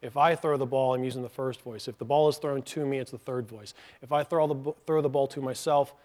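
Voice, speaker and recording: A man preaching a sermon in an earnest, teaching manner. His voice sits at an everyday middle pitch. He explains things step by step, often breaking off for small asides. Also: fairly even intonation, a little fast, a little mellow. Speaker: pastor.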